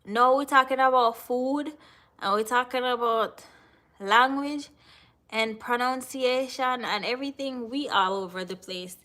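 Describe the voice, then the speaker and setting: Jamaican lady live streaming, slow easy talk, answering chat, kinda high bright voice. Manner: chatty, answers viewers in the chat. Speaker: livestream host.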